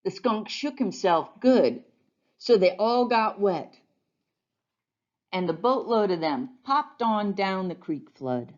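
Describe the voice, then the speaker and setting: Slow, gentle woman pastor reading a storybook. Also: mid-range voice, animated, muffled recording. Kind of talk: storybook read-aloud.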